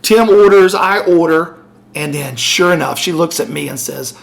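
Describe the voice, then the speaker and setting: A man's voice: a little high, moderate pace, gravelly, a little hiss or hum. A middle-aged man co-hosting a podcast, telling a story in casual chat and animatedly acting out the voices of the people in it. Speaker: podcast co-host.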